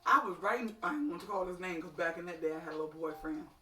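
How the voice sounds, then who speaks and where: A middle-aged woman telling funny stories in an animated, folksy way, calling her listeners honey and child. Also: on the low side, rapid-fire. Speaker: storyteller. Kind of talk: comic storytelling. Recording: echoey room, distant mic, faint music.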